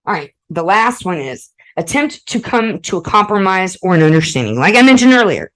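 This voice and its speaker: A woman's voice: mid-range voice, sing-song, fairly quick, fairly bright tone, rough recording. A woman hosting a relationship advice podcast, mixing read passages with blunt, profane asides and frequent "okay?" check-ins. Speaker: podcast host.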